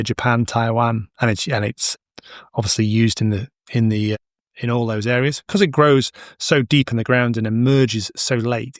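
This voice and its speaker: A man's voice: mid-range voice, no echo, clean studio sound. A middle-aged man hosting a casual educational podcast, chatty and digressive with anecdotes. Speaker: podcast host, horticulture expert.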